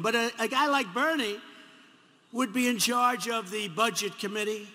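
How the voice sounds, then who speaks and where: 70s guy w/ new york accent ranting at a rally, repeats himself, mocks folks, bright forceful voice, big echoey arena. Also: very high voice, normal speed. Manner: rambling, repetitive, mocking asides. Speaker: politician. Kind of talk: campaign rally speech. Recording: echoey arena, faint crowd noise.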